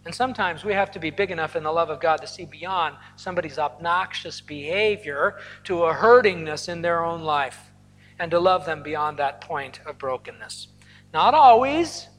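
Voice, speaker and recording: A man preaching a sermon from the pulpit, telling stories with lively asides and the occasional laugh. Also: sits high. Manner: storytelling, animated asides with laughter. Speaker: pastor. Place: large hall or church auditorium. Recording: long hall reverb.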